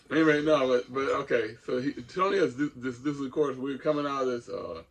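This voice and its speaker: Older male co-host, gravelly, rambling anecdotes. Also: medium pitch, moderate pace. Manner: rambling, restarts often, chuckles through stories. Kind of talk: casual storytelling chat.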